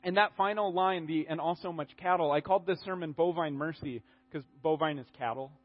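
Guy giving a chatty sermon, kinda high voice, restarts a lot, dull lo-fi audio. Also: fairly quick. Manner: conversational, animated, with many restarts. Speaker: preacher.

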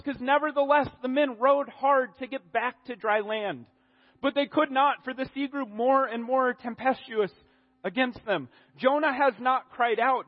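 A man preaching a sermon in an animated way, acting out the quotes and often restarting his sentences. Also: sits high. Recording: dull audio in a reverberant hall.

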